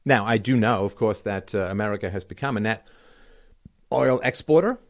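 A man's voice: fairly low pitch, normal speed. Sarcastic man ranting on his show. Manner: sarcastic, emphatic, swings from loud to quiet. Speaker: show host. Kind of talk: solo political commentary rant.

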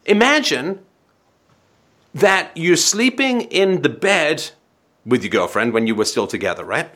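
A man hosting a call-in advice show, talking in an animated, dramatic way and acting out scenes to make his point. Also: a little high, normal speed. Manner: animated, dramatic, acts out scenarios.

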